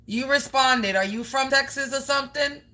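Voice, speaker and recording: A woman's voice: high-pitched, moderate pace, pushed and bright, low-quality recording. A woman giving a live spiritual card reading to viewers. She talks emphatically, stacks up strings of synonyms and swears casually.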